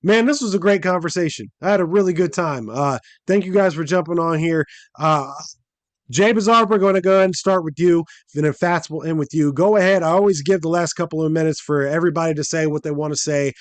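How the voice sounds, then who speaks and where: Podcast host, male, high voice, animated and profane storyteller who acts out the people he quotes. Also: fast, no room sound. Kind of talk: casual storytelling chat.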